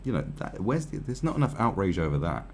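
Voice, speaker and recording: A man's voice: sits low, big pitch swings, fast, a little hiss or hum. A man giving profane, rambling, sarcastic commentary on a news article.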